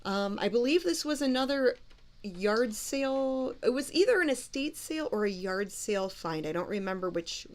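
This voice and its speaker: A woman's voice: a little high, expressive, normal speed. A woman with a Cleveland accent and a nasal voice, co-hosting a casual livestream chat and reading viewer comments aloud. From Cleveland, Ohio. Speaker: podcast co-host.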